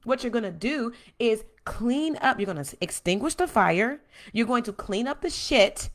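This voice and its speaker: Woman host, preachy and emphatic monologue, slightly high voice. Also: normal speed. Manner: blunt, emphatic, preachy, profane; builds from calm to loud and emphatic. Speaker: podcast host. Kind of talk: impassioned monologue.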